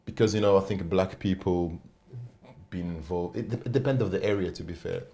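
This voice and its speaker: A deep-voiced man who once played football and now coaches talks on a panel. He speaks haltingly and pauses often while he looks for the right words. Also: mellow. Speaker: former player turned coach, guest. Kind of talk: panel discussion.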